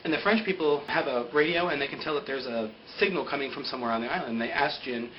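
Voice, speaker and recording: A man's voice: medium pitch, fast, slight background noise. Chatty young man, dull lo-fi audio. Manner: rambling and animated, with lots of "like". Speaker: vlogger recapping a TV episode. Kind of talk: casual spoken recap. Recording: dull lo-fi home recording.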